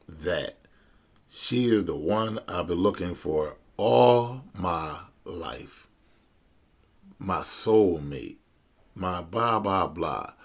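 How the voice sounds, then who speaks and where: Low gravelly guy on a podcast, blunt slangy storytelling, kinda husky. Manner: animated, blunt, slangy, retells dialogue. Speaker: podcast host. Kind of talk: casual storytelling commentary.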